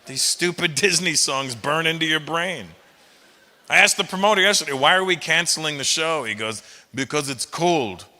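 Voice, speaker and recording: A middle-aged man doing a stand-up comedy set, animated and breaking into loud shouted impressions. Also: on the high side, moderate pace. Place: live comedy venue with an audience. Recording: long reverb of a large hall.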